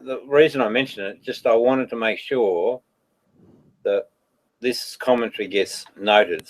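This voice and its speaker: A man's voice: mid-range voice, poor audio. A man co-hosting a show, chatting casually, laughing often and egging on his co-host. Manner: giggly, eggs on his co-host. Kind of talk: casual chat.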